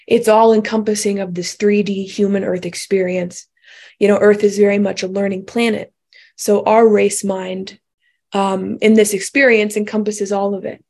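A woman's voice: mid-range voice, little pitch movement, moderate pace, a little mellow. A woman giving a reflective spiritual talk, musing aloud with many restarts and asides. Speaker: spiritual speaker.

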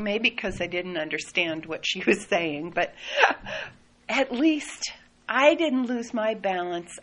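Slow, gentle woman telling a story. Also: medium pitch, poor audio. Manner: soft, unhurried, laughs often. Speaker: speaker sharing a personal story.

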